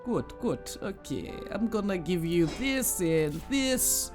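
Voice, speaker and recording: A man's voice: sits high, expressive, slow, over music. A man playing through a video game with playful commentary, giggling and putting on mock accents. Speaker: let's play gamer. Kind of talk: let's play commentary.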